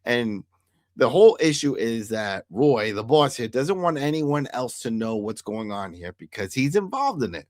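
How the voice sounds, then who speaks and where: A man's voice: medium pitch, sing-song, normal speed, darkish tone, no room sound, studio quality. A man co-hosting a casual TV recap show, talking through the plot and quoting the characters as he goes. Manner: conversational, quotes characters in retelling. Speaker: podcast co-host.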